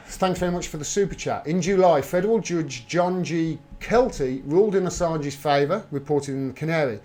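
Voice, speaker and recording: A man's voice: on the high side, moderate pace, hardly any pauses, mellow. A man hosting a live stream, talking through political news and answering viewer messages in an emphatic, heated way, swearing freely. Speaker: livestream host. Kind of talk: live political commentary reading viewer chat.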